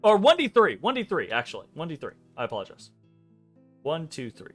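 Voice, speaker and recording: A man narrating as game master of a tabletop game, rambling and correcting himself with quick laughs. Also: on the high side, wildly swooping pitch, a bit bright, soft background music. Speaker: dungeon master.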